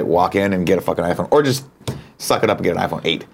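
A man co-hosting a casual morning show, telling an animated, profane story with self-described paranoia. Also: fairly low pitch, fast talker, gravelly. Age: older than cohosts. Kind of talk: casual chat.

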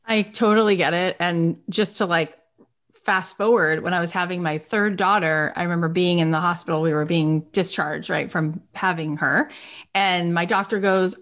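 A woman's voice: medium pitch, normal speed. A woman in her thirties hosting a podcast, sharing candid, emotional personal stories in casual talk. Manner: emotional, candid storyteller with rising excitement. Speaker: podcast host. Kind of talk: casual conversational interview.

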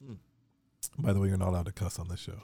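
A man's voice: low-pitched, fast talker, creaky, mellow, slightly rough. A man co-hosting a comedy podcast, bantering and reading mock ad copy in a jokey, mock-dramatic way. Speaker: podcast co-host.

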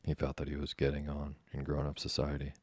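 A man reading a novel aloud as audiobook narration, in an even, unhurried storytelling manner. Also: a bass voice, breathy edge, dry recording. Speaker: audiobook reader.

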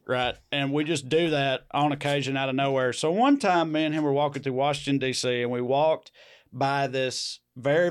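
A man co-hosting a comedy podcast, telling a story in a casual, profane way and breaking into loud mimicry. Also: mid-range voice, clear, resonant tone. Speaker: podcast co-host.

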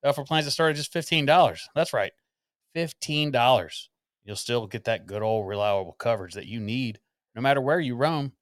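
A man's voice: mid-range voice, expressive, fairly quick, no room sound, natural voice. A man reading an ad as a folksy Appalachian mountain man, in close to his own voice with playful emphasis. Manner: reads the ad text aloud with folksy wording and playful emphasis.

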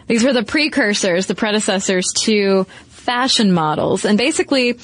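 A woman's voice: on the high side, no room sound. A woman co-hosting a podcast in casual chat, wry and conversational with playful emphasis. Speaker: podcast co-host.

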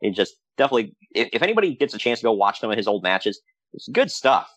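A man co-hosting a podcast, telling stories in a casual, animated way with frequent laughs. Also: lowish voice, fast, no room sound. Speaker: podcast co-host. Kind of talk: casual chat.

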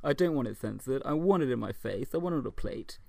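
Giggly, lively-voiced man. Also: medium pitch, fast, gravelly, dry recording. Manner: giggly, swears freely, breaks into laughter. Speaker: podcast co-host. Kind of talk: casual comedic banter.

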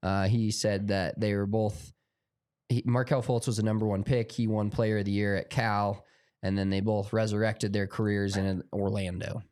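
An American man co-hosting a podcast in casual chat, relaxed and rambling with lots of fillers. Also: on the low side, moderate pace, clear, resonant tone. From United States. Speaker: podcast co-host.

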